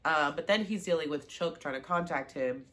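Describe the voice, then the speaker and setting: Her voice sits low and her pace is moderate. She's a show recap vlogger going over a TV season in a casual, animated way, acting out characters' lines and gushing over her favorite scenes.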